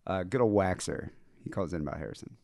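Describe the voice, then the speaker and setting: A man hosting a podcast, crude and quick to laugh, firing off questions. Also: low-pitched, animated, vocal fry, darkish tone, dry recording, clean studio sound. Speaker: podcast host. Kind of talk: casual chat.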